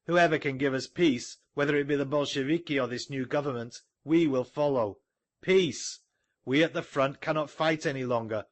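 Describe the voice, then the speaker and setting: A man's voice: mid-range voice, a little fast, few pauses, dry recording, close to an everyday voice. A man voicing a desperate soldier from the front, pleading urgently for peace in a storybook reading.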